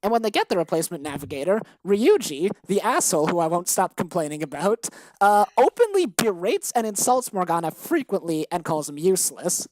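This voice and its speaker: Lowish-voiced woman on a podcast mic, ranting and cussing, super dry sound. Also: very animated, fairly quick, darkish tone, dry recording, low-quality recording. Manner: heated, profane ranting with exasperated outbursts. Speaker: podcast co-host. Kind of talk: casual chat.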